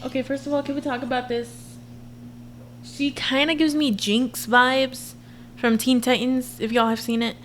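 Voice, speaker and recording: A woman in her twenties giving a chatty, expressive reaction commentary to her viewers. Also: high-pitched, a little slow, a little hiss or hum. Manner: chatty and expressive, frequent laughs and asides to viewers. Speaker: reaction vlogger.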